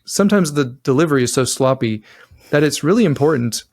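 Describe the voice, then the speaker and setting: A man's voice: on the high side, animated, a little fast, a little mellow. A man co-hosting a podcast about relationships, talking in a rambling, casual way and acting out what partners say to each other. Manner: rambling, acts out partners' lines in shifting voices. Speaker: podcast co-host. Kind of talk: casual relationship advice chat.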